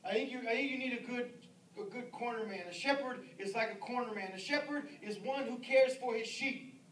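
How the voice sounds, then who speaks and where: A man's voice: very high-pitched, fairly bright tone. A man pastor preaching a sermon with an emphatic, repetitive cadence. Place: church sanctuary. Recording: roomy, distant mic with faint noise.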